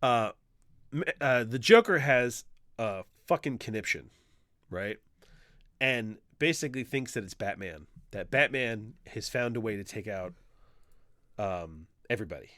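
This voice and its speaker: Lively man retelling a story, dry mic. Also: on the low side, a little slow, no echo. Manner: animated storyteller, swears freely, acts out quotes. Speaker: podcast co-host. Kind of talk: casual chat, retelling a comic plot.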